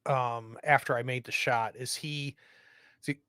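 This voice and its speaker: A man's voice: medium pitch, steady tone, unhurried, a bit bright, no room sound, clean studio sound. A man playing a tabletop role-playing game, talking through his moves in a hesitant, stumbling, self-deprecating way. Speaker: player.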